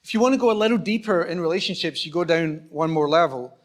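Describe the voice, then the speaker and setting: A man's voice: on the high side, fast. Scottish man preaching a conversational sermon. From Scotland. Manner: conversational, acts out small dialogues, self-deprecating humour. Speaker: pastor. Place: church auditorium.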